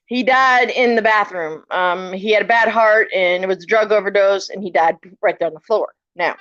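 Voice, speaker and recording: A middle-aged woman, chatting casually on a live stream and telling animated stories, often acting out the lines of the people in them. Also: medium pitch, normal speed. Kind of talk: casual storytelling chat. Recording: muffled lo-fi live stream audio.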